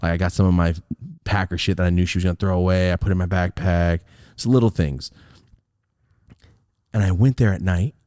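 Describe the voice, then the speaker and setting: Low-voiced man telling a profane story. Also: fairly quick, pauses often, no room sound, clean studio sound. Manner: profane, animated, acts out scenes. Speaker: podcast host. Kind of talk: casual storytelling.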